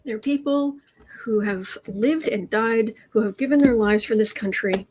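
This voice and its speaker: A woman's voice: on the high side, normal speed, background noise. A woman hosting a tarot livestream, chatting casually, telling anecdotes and reading out viewer comments. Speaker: tarot reader and livestream host.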